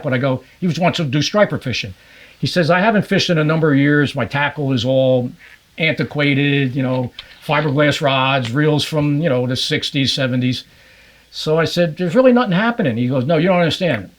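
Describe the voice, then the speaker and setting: An older man from New Jersey tells stories as a podcast guest, with a voice a little higher than most men's. He is a fishing guide and talks in a loose, conversational way. He acts out the people in his anecdotes with lively back-and-forth dialogue. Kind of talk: casual storytelling interview.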